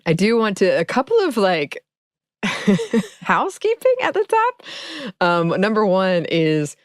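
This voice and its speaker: Lively low-pitched woman podcast host. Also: a little slow, dry recording, studio quality. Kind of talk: casual podcast chat.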